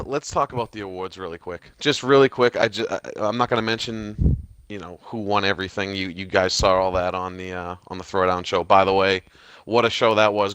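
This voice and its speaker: A man's voice: lowish voice, fairly bright tone, clean tone, no room sound. A man hosting a casual podcast chat, loose and profane, laughing often, with a mostly hidden Boston accent. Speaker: podcast host.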